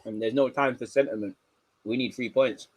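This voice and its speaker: A man's voice: mid-range voice, moderate pace, husky, muffled recording. Young guy doing live match reactions, slangy, mutters then hypes up. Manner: excitable, slangy, swings from muttering to shouting. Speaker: football watchalong host.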